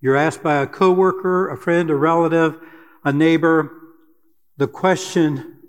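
Older male preacher, fairly high voice, earnest and measured, long hall reverb. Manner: earnest, deliberate, with fillers and pauses. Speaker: church elder preaching. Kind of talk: sermon.

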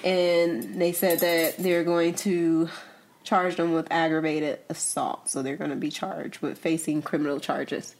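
A woman's voice: deep voice, unhurried. A woman co-hosting a podcast in casual chat, retelling a news story with frequent restarts and repeated words. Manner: animated, laughs often, trails off and repeats words. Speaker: podcast co-host.

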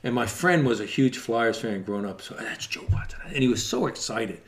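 A man's voice: mid-range voice, lively intonation, a little fast. A middle-aged man from Boston, rambling and profane as he tells sports stories in casual podcast talk. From Boston area.

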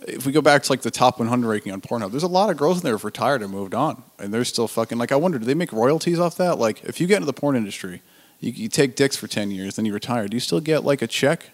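A man co-hosting a podcast, trading quick, joking banter in casual chat. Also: mid-range voice, expressive. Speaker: podcast co-host.

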